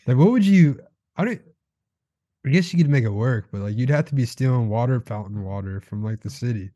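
A young man co-hosting a podcast, laid-back and sarcastic, delivering jokes deadpan. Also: medium pitch, brisk, no room sound, muffled recording. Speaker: podcast co-host. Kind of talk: crude casual banter.

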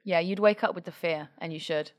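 A woman's voice: fairly low pitch, fairly quick, muffled recording. A woman with an Irish accent, co-hosting a podcast in a chatty, teasing way. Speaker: podcast co-host. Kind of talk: casual chat.

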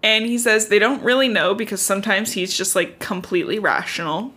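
A woman's voice: mid-range voice, fairly quick, fairly bright tone, breathy edge. Chatty young woman recapping a book. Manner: chatty recap filled with "like", laughing often. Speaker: podcast co-host. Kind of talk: casual book-club chat.

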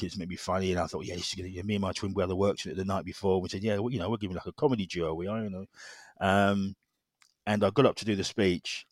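A middle-aged man telling his personal story as an interview guest, halting and repeating words with many fillers. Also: sits low, no room sound, clean studio sound.

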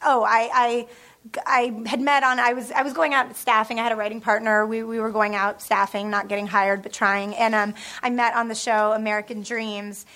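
A woman with a slightly high voice tells a long story, chatty and self-deprecating. She laughs often and fills her talk with ums and likes, in a casual panel setting. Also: flat delivery, normal speed, sharp tone. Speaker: television writer, panel guest.

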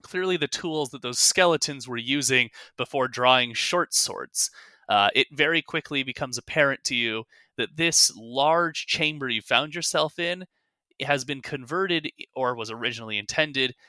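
Young man, game master, very bright voice, dry sound, rambling narration with fillers. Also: medium pitch, no echo. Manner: meandering, many fillers and self-corrections.

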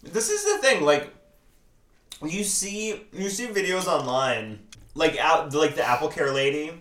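A young woman co-hosts a podcast, her low voice moving at a measured pace as she tells stories in casual chat. She's an animated storyteller who acts out quotes and laughs a lot, and the recording has a roomy echo.

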